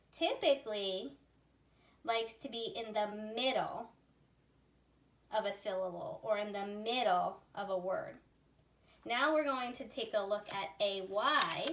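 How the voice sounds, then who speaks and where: Woman, reading teacher, phonics lesson, slow deliberate sounding-out, mid-range voice, a bit distant from the mic. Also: medium pitch, sharp tone. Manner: slow, clear sounding-out of words. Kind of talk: phonics lesson for young readers. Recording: voice a little far from the mic.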